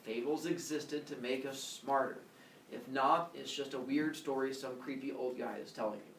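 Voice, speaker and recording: Gravelly jokey teacher, echoey classroom. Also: male voice, mid-range voice, moderate pace, a little hiss or hum. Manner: jokey, animated, lots of uh fillers and voices. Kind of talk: classroom lecture. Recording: echoey classroom, camera far off.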